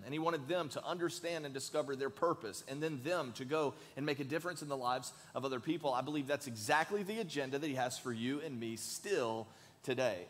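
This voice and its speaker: A man preaching a sermon as pastor in a church, earnest and emphatic, leading the congregation in saying lines together. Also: mid-range voice. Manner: earnest, emphatic, leads the congregation in call-and-response. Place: large church sanctuary. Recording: long hall reverb.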